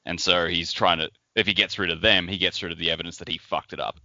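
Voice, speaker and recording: A man's voice: sits low, steady tone, fast, bright, forceful tone, dry recording, dull audio. A man co-hosting a casual book podcast, rambling through theories and swearing casually. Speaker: podcast co-host.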